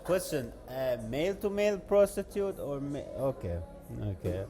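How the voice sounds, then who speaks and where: A man's voice: on the high side, very animated, normal speed, mellow, soft background music. A man co-hosting a podcast, chatting casually and cutting in with short teasing questions. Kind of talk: casual chat.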